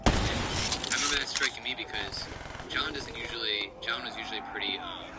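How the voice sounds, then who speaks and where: A man reminiscing in casual, halting speech that circles back and repeats itself. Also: mid-range voice, heavy background noise. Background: loud music.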